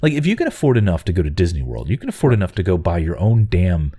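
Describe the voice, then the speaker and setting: A middle-aged man with a low, mellow voice, co-hosting a casual podcast. He tells his stories in an animated way, with pitch swinging widely as he gets exasperated. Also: fast, breathy edge. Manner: animated storytelling, exasperated asides. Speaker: podcast co-host.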